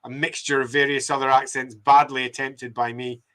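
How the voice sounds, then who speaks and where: Mapping a city in a game, this streamer and game writer from Scotland reads out viewer comments and cracks jokes about how bad his accents are. His mid-range voice is fairly bright, delivered flatly at a moderate pace, and his manner is chatty and self-mocking with frequent laughter.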